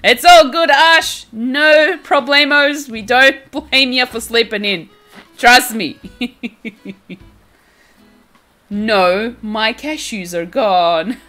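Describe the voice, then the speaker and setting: A woman's voice: on the high side, extremely slow, pushed and bright, faint music behind. A young American woman chatting casually on a game live stream, teasing her chat playfully and laughing all the time.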